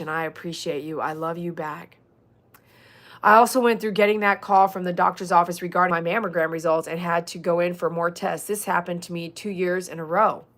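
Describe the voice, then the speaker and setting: A woman hosting a casual livestream as a dog groomer, chatting with viewers and reading their comments aloud. She is animated and swings from loud mock outbursts to soft, earnest talk. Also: fairly low pitch. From Texas. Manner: chatty, reads out viewer comments, uses y'all.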